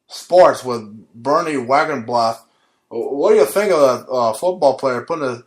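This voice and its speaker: A man's voice: mid-range voice, natural voice. A man doing an impression of a crude older male radio sports host, mocking and vulgar.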